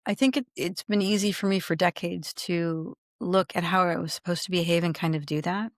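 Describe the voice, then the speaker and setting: Low-voiced woman hosting a podcast. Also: brisk, no echo, studio quality. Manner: reflective, thinking aloud with fillers. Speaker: podcast host. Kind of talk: casual interview chat.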